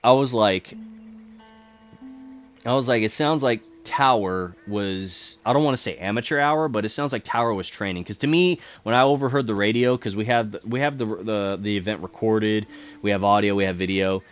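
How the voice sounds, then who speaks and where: A man hosting a gaming video, telling a long personal story in a casual, rambling way, repeating words, swearing when excited and acting out the radio calls. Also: lowish voice, moderate pace, clean tone, dull audio, faint music behind. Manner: acts out radio calls in quoted voices, gets heated. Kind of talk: casual storytelling over gameplay.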